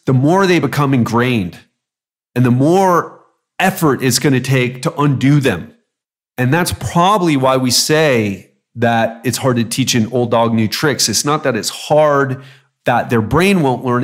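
A middle-aged man hosting a solo podcast in a casual, conversational way, acting out little quoted voices now and then. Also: mid-range voice. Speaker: podcast host.

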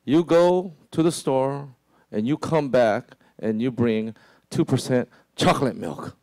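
Man, pastor, conversational sermon, mid-pitched voice, dry sound. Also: slow, darkish tone, dry recording. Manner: conversational, many "right?" asides and restarts; acts out quoted voices in a lower tone.

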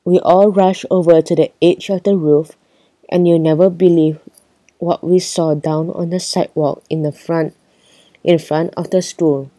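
A woman's voice: on the low side, steady tone, unhurried, warm tone, dry recording, low-quality recording. A woman reading a children's book aloud, storytelling with light character voices. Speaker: reader.

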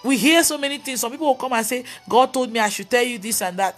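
A woman pastor preaches on a live video, telling stories, mimicking others' voices, and scolding with emphatic exclamations. Her voice is fairly high and she talks fast, with faint music behind her.

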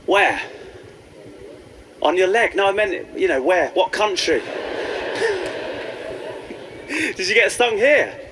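A man doing a stand-up comedy set, whimsical and rambling, chatting playfully with the crowd on a handheld mic. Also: high-pitched. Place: comedy club stage before a live audience. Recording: live club with audience noise.

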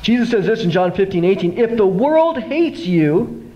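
Speaking at a normal speed in a high voice, a middle-aged pastor delivers a sermon in a church sanctuary, captured with dull audio. His storytelling is animated, and he performs the voices of the characters he quotes.

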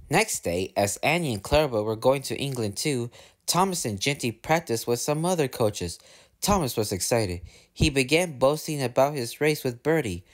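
A man's voice: medium pitch, moderate pace. A man reading a railway storybook aloud, doing voices for the characters. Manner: lively, puts on voices for characters. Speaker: narrator.

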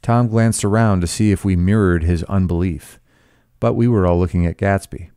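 A man's voice: low voice, normal speed, mellow, smooth, no echo, studio quality. A man reading a novel aloud as a teacher, breaking off for blunt, sarcastic, profane commentary.

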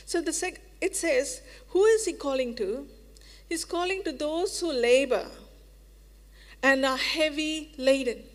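A woman with an Indian English accent delivers a sermon in a high voice, earnest and deliberate. She repeats key phrases and slows right down on quoted words. Her voice rings with the long reverb of a church hall. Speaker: preacher. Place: church sanctuary.

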